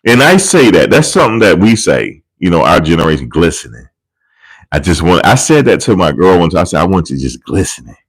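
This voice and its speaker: Speaking into a desk USB microphone, a man on a celebrity commentary channel tells rambling, amused, foul-mouthed stories. His low voice is sing-song, brisk and slightly rough, and the audio is poor.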